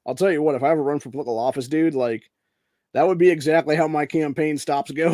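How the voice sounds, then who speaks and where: A brash, profane podcast host from Ohio races through the news in casual commentary, dropping "dude" constantly. His mid-pitched voice is dark, mellow and steady in tone, recorded close and dry with no room sound.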